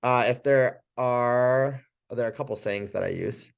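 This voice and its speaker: A man with a mid-range voice leads a relaxed training session. He talks in a loose, chatty way, restarting his sentences and laughing easily. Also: mid-range voice, a little slow, gravelly, smooth. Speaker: chiropractic trainer. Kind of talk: casual training talk.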